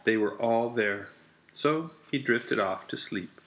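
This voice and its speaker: A man with a medium-pitched voice reads a children's picture book aloud in a slow, deliberate, repetitive storytelling rhythm, with background noise present.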